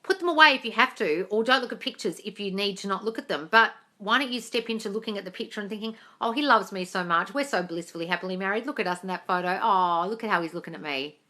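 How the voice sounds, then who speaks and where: A woman's voice: mid-range voice, animated, quick pace, hardly any pauses, bright, forceful tone. A woman doing a casual live Q&A, reading viewer questions aloud and answering them in a breezy, blunt way, calling people darling and swearing offhandedly. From Australia. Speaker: manifestation coach on a live stream.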